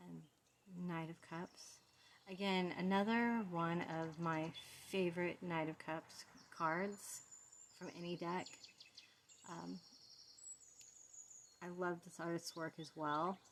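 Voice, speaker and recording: A soft-spoken woman talks through a tarot deck card by card in a casual, fond way. Her voice sits a little low and she takes her time. A faint hum of background noise runs under her. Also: fairly even intonation, slow, long pauses.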